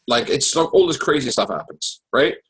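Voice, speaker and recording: A man hosting a casual podcast, talking about TV in an excitable and profane way. His voice sits in a middle pitch and he tells his stories with animated energy. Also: normal speed, rough recording. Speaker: podcast host. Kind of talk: casual chat.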